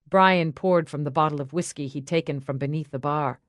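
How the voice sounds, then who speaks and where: A woman narrating a fantasy audiobook in an expressive way, acting out every character. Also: low voice, fairly quick, hardly any pauses, no echo, studio quality. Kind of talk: scripted narration.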